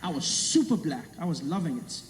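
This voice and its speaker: Brief: male stand-up, fairly high voice, roomy venue with crowd noise. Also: brisk. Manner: animated storytelling, slips into voices. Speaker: stand-up comedian. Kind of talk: stand-up routine. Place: large comedy venue. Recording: echoey hall, live audience.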